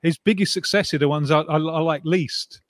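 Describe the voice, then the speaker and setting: A man's voice: fairly high pitch, a little fast, dry recording. A man in his fifties co-hosting a casual chat, enthusiastic and blunt about the songs he loves. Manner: enthusiastic, nostalgic, blunt opinions. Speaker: co-host.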